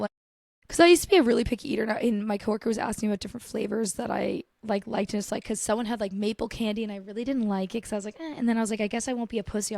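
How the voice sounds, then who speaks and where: A woman's voice: mid-range voice, vocal fry, a little mellow, dry recording, clean studio sound. A young woman hosting a podcast alone, rambling casually about TV and food with lots of "like" and swearing, dramatic and gushing. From United States. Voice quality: chatty, profane, filler-heavy with lots of "like". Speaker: podcast host. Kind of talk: casual solo chat.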